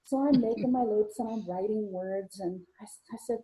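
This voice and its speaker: A woman's voice: a little high, dark tone, poor audio. A woman co-hosting a live video-call show as a psychic medium, chatting casually and telling anecdotes with a ready laugh. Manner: chatty storytelling, quick to laugh.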